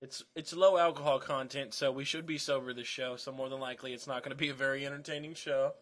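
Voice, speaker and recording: A man's voice: mid-range voice, fairly even intonation, quick pace, a bit bright. A man co-hosting a podcast, trading dry jokes in casual chat. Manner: joking, dry banter. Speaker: podcast co-host.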